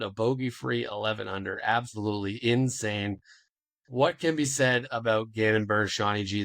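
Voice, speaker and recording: Brief: enthusiastic podcast co-host, man with gravelly fry, dry sound. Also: fairly low pitch, fairly bright tone, no room sound. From Canada. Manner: enthusiastic play-by-play recapping. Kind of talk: casual sports recap chat.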